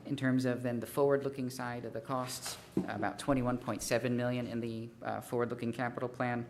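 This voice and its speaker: Against a noisy background, a male consultant delivers a briskly paced fee study presentation at a city council meeting. His medium-pitched voice barely rises or falls as he works methodically through numbers, with plenty of fillers and false starts.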